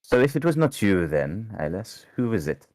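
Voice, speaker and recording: A man's voice: on the low side, very animated, normal speed, a little mellow, dry recording, voice pushed up. A man voicing a sly male investigator who presses with probing questions in a tabletop game. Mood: accusing.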